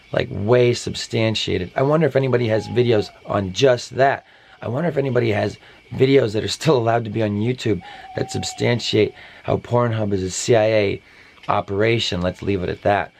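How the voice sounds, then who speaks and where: A man's voice: on the low side, vocal fry, a little hiss or hum. A man hosting a parody podcast, rambling through a satirical monologue with offhand, mock-conspiratorial asides.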